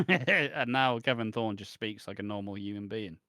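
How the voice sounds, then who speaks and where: A man's voice: fairly low pitch, moderate pace, bright, forceful tone, no echo, studio quality. A man co-hosting a podcast, chiming in with wry, sweary asides in casual chat. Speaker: podcast co-host. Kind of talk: casual chat reviewing wrestling.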